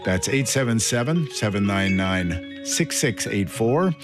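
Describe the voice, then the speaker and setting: A man hosting a radio show, reading a smooth, measured scripted announcement. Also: lowish voice, animated. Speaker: radio host. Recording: loud marimba music behind.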